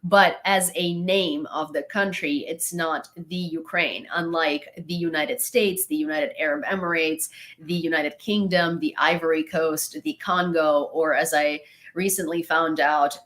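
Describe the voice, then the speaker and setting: A young woman talks casually to her live-stream viewers in a slightly low voice. She rambles, restarts her thoughts and breaks off to thank people in the chat with a laugh. The tone is loose and conversational rather than scripted. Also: fairly even intonation, unhurried, fairly bright tone.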